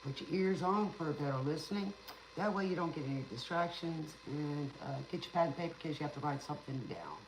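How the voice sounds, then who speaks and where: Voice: medium pitch, animated, quick pace. A tarot reader and spiritual teacher talking casually on a livestream in a rambling, teacherly way, with sarcastic asides and an occasional stutter. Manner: stutters sometimes. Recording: roomy with faint background noise.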